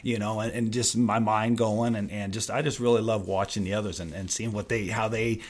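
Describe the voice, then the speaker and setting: A man in his fifties, a longtime Sunday school teacher, chatting on a church podcast in a halting, rambling way with many restarts. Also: on the low side, flat delivery. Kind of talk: casual podcast chat.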